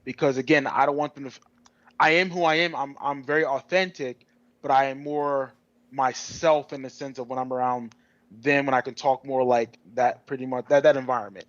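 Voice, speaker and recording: A man co-hosting a podcast in casual discussion, animated and rambling with many restarts. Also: mid-range voice, fairly quick, dry recording, muffled recording. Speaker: podcast co-host.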